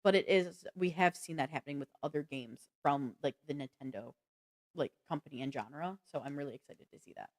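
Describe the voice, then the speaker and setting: Brief: female co-host, slightly low voice, rambling friendly stream chatter. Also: a little fast. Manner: chatty, full of "like" and self-corrections, reads chat aloud. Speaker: co-host of a gaming news stream. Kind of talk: casual live-stream chat.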